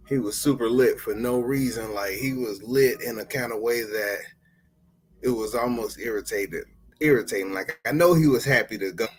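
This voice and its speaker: A man hosting his own podcast, telling stories in a loose, playful, slangy way. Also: on the low side. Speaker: podcast host. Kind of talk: casual solo podcast monologue.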